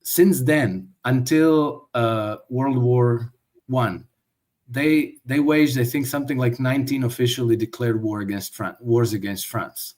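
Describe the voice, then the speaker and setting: A man's voice: medium pitch, unhurried, darkish tone. A man giving an interview as a guest commentator, talking in a thoughtful way and often restarting his words. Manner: thoughtful, with frequent restarts and stammers. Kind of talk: conversational interview.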